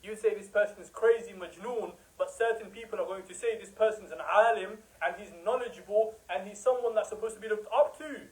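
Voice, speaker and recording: A man with a high voice preaches with fervor, hammering his points home in an emphatic, rhetorical way. He often mocks those he criticizes. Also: fairly quick, few pauses, darkish tone, rough recording. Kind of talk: impassioned religious talk.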